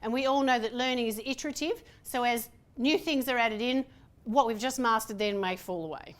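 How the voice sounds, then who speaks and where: Lively woman leading voice exercises. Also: a little high. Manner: lively, playful instructor counting slowly. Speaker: voice workshop presenter. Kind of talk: guided breathing and voice exercise. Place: room with a participating group.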